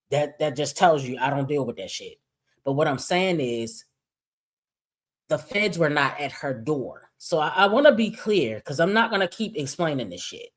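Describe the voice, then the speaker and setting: A woman giving reaction commentary on a livestream, blunt and exasperated, swearing freely as she talks to her chat. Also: low-pitched. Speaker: commentary streamer.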